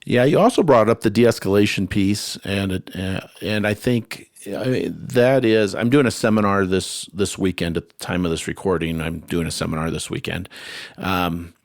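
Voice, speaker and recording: A deep-voiced man hosting a relaxed conversation. He rambles, restarts his sentences and leans on fillers. The sound is dry and close, with no room around it. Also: moderate pace, no room sound. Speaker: host. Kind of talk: casual conversation.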